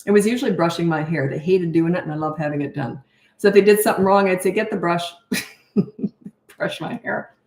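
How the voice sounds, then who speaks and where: A woman's voice: lowish voice, brisk, pauses often, a little mellow, reverberant. An older woman, a parenting coach, chatting and telling stories while answering questions live. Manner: chatty storytelling, acts out voices in anecdotes. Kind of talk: live Q&A chat.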